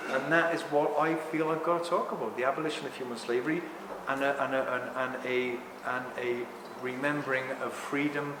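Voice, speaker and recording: A man in his sixties talking to a live audience in a rambling, animated way, often apologizing for ranting. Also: medium pitch, fairly quick, few pauses, background noise. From England. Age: 60s. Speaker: speaker at a talk. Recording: echoey hall with long reverb.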